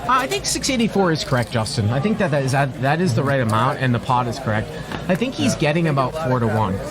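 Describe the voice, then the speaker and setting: A man's voice: medium pitch, very animated, fast. A man with a Boston accent commentating on live poker, working through each hand analytically and thinking aloud. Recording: loud crowd noise behind.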